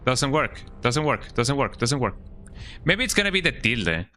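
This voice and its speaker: Very animated at a moderate pace, the streamer's mid-range voice sounds pushed and bright, with faint music in the background. He keeps up casual chat while playing a game, muttering through setup instructions and tacking "eh?" onto his lines.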